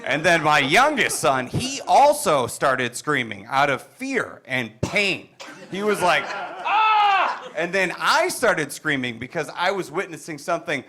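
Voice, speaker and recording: A middle-aged man from Wisconsin doing a stand-up set, telling stories with deadpan delivery and quiet asides. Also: a little high, measured pace, crowd noise. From Wisconsin, USA. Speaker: stand-up comedian. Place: comedy stage.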